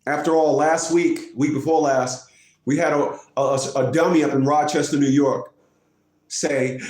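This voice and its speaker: A man telling a courtroom story as a family court advocate, acting out the other people in the story with high, exaggerated voices and mocking the listener. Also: steady tone, a little slow, darkish tone. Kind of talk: animated storytelling rant. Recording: echoey room.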